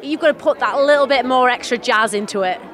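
A woman's voice: high-pitched, fast, crowd noise. A woman reporter interviewing a performer after a concert. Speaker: radio reporter. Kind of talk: on-the-spot interview.

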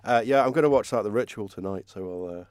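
A man's voice: fairly low pitch, fast, darkish tone, no room sound, clean studio sound. A young man co-hosting a casual podcast about films and TV, rambling with lots of ums and easy laughs.

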